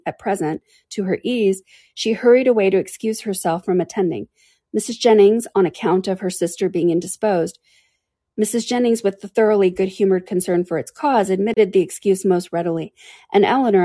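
A woman narrating a classic novel aloud in an even, unhurried reading style. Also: mid-range voice, dry recording, studio quality. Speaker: audiobook narrator.

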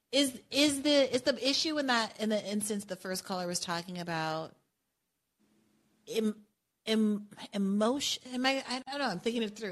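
A woman's voice: fairly high pitch, a bit bright. A woman hosting a podcast in casual chat, thinking aloud in a reflective way and laughing easily. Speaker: podcast host.

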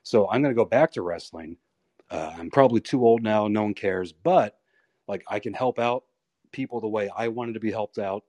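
A male pro wrestler in his thirties, a guest on a podcast, telling candid, profane stories in a rambling, animated way. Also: fairly low pitch, normal speed, no room sound. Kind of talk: candid storytelling interview.

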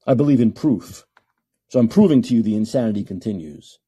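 A man's voice: on the low side, lively intonation, a little fast, mellow, slightly rough. A man hosting a call-in podcast, ranting emphatically and repeating himself for effect. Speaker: podcast host.

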